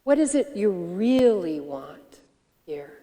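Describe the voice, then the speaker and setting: Woman minister, sermon, mellow voice, a bit high, gentle rhetorical questions, long hall reverb. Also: big pitch swings, takes it slowly. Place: church sanctuary.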